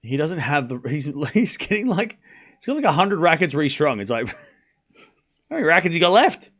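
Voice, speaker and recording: A man's voice: on the high side, sing-song, moderate pace, fairly bright tone. A man casually commentating a live tennis match on a stream, joking and chatting with viewers. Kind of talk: casual watchalong play-by-play.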